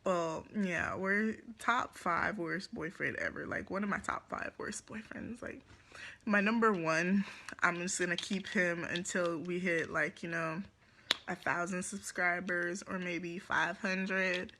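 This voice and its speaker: Bright-voiced Jamaican teen girl, unhurried. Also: on the low side, a little hiss or hum. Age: teens. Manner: chatty, rambling, lots of fillers and giggles. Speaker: vlogger. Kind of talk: storytime vlog.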